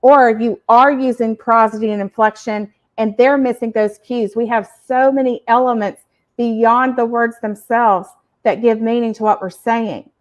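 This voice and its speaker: A woman hosts a podcast for parents and explains each point with energy and emphasis. Her voice sits slightly high, and she sometimes acts out short examples. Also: measured pace. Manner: animated, emphatic, uses acted examples. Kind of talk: educational explaining.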